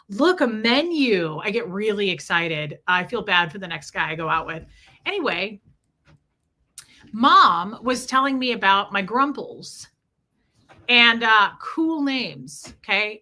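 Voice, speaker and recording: A woman's voice: mid-range voice, lively intonation, a little slow, pushed and bright. A woman chatting casually on a livestream, rambling from story to story and greeting viewers by name.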